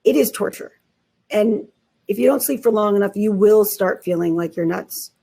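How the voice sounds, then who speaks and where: Emphatic woman doctor as interview guest, mid-pitched, brisk and conversational. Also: creaky, dark tone. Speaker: psychiatrist. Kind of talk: interview guest explaining cases.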